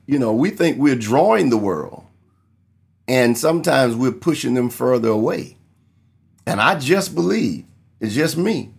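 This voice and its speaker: Guy preaching, telling a story from his own life, earnest, kinda gravelly voice. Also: on the low side. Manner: earnest, storytelling, acts out quoted people. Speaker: pastor. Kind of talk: sermon with personal testimony.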